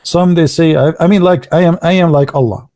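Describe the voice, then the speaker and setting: Gravelly-voiced man. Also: on the high side, dark tone, dry recording, clean studio sound. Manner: halting, many fillers and restarts, sarcastic asides. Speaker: online commentator. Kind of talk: casual live commentary.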